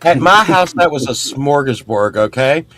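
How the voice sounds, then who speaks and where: A middle-aged man with a drawl tells a rowdy story, his pitch leaping all over. He sits a little high for a man and swears freely, loudly acting out everyone he quotes. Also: expressive, normal speed. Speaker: podcast host. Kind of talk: casual storytelling chat.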